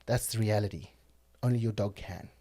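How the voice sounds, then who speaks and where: A man's voice: fairly low pitch, normal speed, mellow. A man talking as a podcast guest, telling blunt, profane stories in casual conversation. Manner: blunt, profane, heated storytelling.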